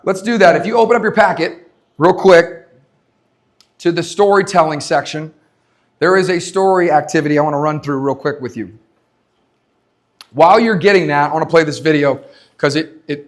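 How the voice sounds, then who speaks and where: A man giving an energetic motivational talk to a live audience at a leadership summit, repeating his points and asking the crowd questions. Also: fairly high pitch. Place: conference stage before a live audience.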